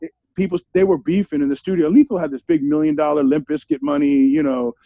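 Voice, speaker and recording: A middle-aged man spins candid stories as a guest, swearing freely and leaning on street slang. His voice sits high for a man yet gravelly and dark. The recording is dry and a bit dull. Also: fairly even intonation, quick pace, no room sound. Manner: streetwise slang, profane, asks "you feel me?". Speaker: interview guest, rapper. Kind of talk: candid storytelling.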